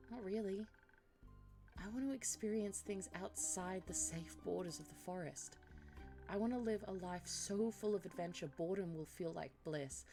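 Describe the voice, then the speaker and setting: A woman voicing a young female ranger who speaks softly and hesitantly in a cosy tavern role-play. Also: mid-range voice, close to an everyday voice. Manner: soft, hesitant and yearning.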